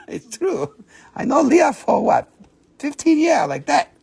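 Playful, profane live-sale host; man with a high, gravelly voice and broken English. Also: huge pitch swings, slow, darkish tone. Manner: non-native, broken English. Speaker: host and rock seller. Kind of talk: live sales stream.

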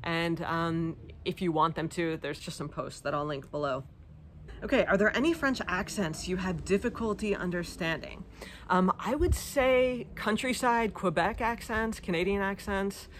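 A woman's voice: on the low side, moderate pace, a little hiss or hum. A woman from the United States answering viewer questions in a casual vlog, chatty with lots of ums and likes. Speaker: vlogger.

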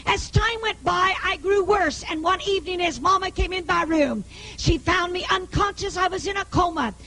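Speaking at normal speed, a woman evangelist with a very high, bright and cutting voice shares her testimony of healing before an audience. Her delivery is emphatic and frequently rises to shouting, captured in a low-quality recording.

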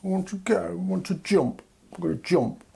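A man voicing a stubborn, sulky childish country that whines and refuses everything in broken baby talk, with a husky voice. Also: sits high, normal speed, dark tone, voice pushed up, heavily acted. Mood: sulky whining.

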